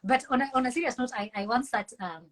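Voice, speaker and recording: A woman's voice: on the high side, fast, a bit bright, low-quality recording. A woman with a Kenyan accent, a mental health professional speaking earnestly and passionately as an interview guest. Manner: earnest, impassioned, preachy. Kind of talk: conversational interview.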